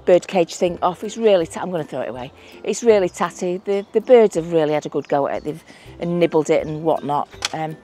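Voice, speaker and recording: A woman's voice: lowish voice, mellow. A woman with a Northern English accent chatting to camera as she works on her windy allotment, thinking aloud and laughing at herself. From England. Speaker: allotment vlogger. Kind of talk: casual chat to camera while working. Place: windy outdoor allotment garden.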